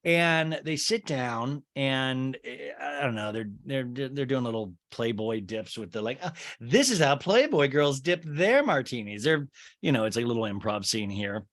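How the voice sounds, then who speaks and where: A man's voice: medium pitch, expressive, normal speed, a bit bright. A man hosting a podcast, recapping a reality show in a chatty, sarcastic way and talking to listeners as "you guys". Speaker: podcast host. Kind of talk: casual recap commentary.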